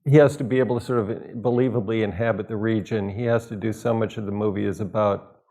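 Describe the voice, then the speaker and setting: A man on a panel, talking about his work in relaxed anecdotes. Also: lowish voice, fast talker. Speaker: film director, panelist. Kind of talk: panel discussion.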